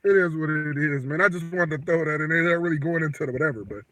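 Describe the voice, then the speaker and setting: A man co-hosting a livestream, telling a story in animated casual chat and acting out the quotes. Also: a little high, fast, noisy background. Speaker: livestream co-host.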